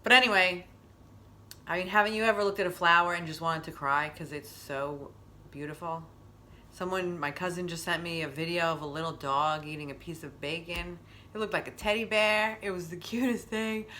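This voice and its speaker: Rambling, chatty middle-aged woman, bright tone. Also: low voice, slight background noise. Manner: rambling, chatty and openly emotional. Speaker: wellness stream host. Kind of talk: casual chat.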